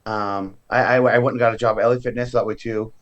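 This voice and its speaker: A man's voice: medium pitch, fast talker, muffled recording. Man telling a story in a casual interview. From California. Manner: lively storyteller who acts out other people's voices. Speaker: guest, professional wrestler.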